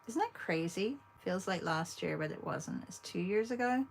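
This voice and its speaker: A woman with an English accent, hosting an art livestream, chatting casually with viewers while she paints and pausing often. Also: fairly low pitch, lively intonation, creaky, a little hiss or hum. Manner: chatty, talks to viewers between long pauses.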